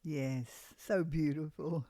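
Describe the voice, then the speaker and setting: A woman's voice: low voice, steady tone, slow, warm tone, no echo. A woman hosting a podcast interview, prompting her guest and affirming with short replies. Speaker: podcast host. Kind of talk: interview chat.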